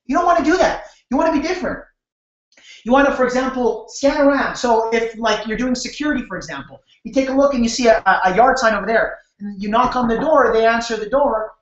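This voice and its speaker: A man's voice: very high-pitched, quick pace. A man hosting a live sales-training webinar, talking casually with many restarts and acting out door-step scenes on a video call. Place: home room on a video call. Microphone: computer mic on a video call. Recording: echoey, dull webcam audio.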